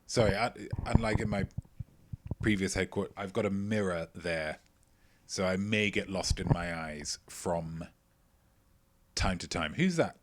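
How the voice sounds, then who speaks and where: A man hosting a casual livestream quiz, playful and self-mocking, chatting between loud remarks and mumbled asides. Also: deep voice, steady tone, a little slow, long pauses, a little hiss or hum. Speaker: quiz show host.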